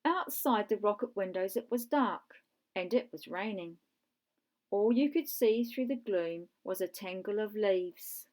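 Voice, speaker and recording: A woman narrating a children's storybook in a clear, measured way with dramatic pauses. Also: medium pitch, lively intonation, darkish tone.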